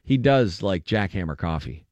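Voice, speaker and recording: Male morning radio host, lively up-and-down delivery, wry banter, close dry studio mic. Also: low voice, moderate pace, no room sound, lo-fi sound. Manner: animated, wry, breaks into mocking impressions. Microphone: studio microphone.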